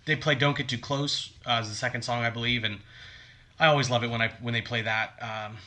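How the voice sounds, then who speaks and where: A man's voice: mid-range voice, fairly even intonation, a little fast, pushed and bright. A man co-hosting a fan podcast, talking in an easygoing, agreeable way with "um" and "like" fillers. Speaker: podcast co-host. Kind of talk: casual fan podcast chat.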